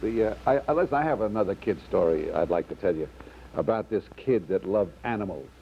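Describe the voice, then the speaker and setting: Man, rambling comedian telling a long story, lively pitch, dull old TV sound. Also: fairly quick. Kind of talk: joke telling at a round table. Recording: dull old TV audio with faint noise.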